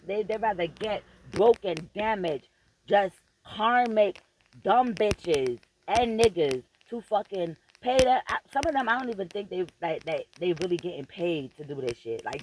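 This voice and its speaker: A woman's voice: medium pitch, darkish tone. Woman cussing thru a motivational rant at her viewers, preachy, repeats stuff, noisy mic with clicks. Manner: profane, emphatic and preachy; repeats phrases for emphasis, talks straight to viewers. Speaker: vlogger.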